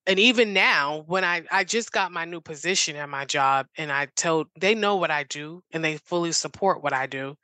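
A woman's voice: sits low, moderate pace, hardly any pauses, pushed and bright, no echo. A woman guest on a talk show, telling her story in an eager, rambling way full of "like"s and restarts. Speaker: interview guest. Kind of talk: casual interview chat.

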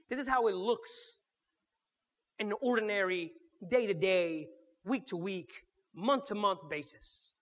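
A man pastor preaching a sermon, swinging from loud to murmured and mimicking churchgoers in quick mock voices. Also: high-pitched. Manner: preaching with sharp swings in loudness, dropping to near murmurs. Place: church sanctuary. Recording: long reverb of a church hall.

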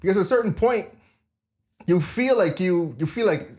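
A man hosting a faith podcast, chatting casually and reading scripture, relaxed and rambling with many "like" and "you know what I'm saying". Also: sits high, normal speed, soft background music. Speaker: podcast host.

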